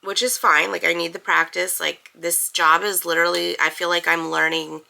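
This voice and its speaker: Gravelly, bright-voiced young woman vlogging. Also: fairly low pitch, little pitch movement, normal speed, rough recording. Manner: rambling, chatty, many fillers. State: congested, with a cough. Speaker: book vlogger. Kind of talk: casual chat to camera.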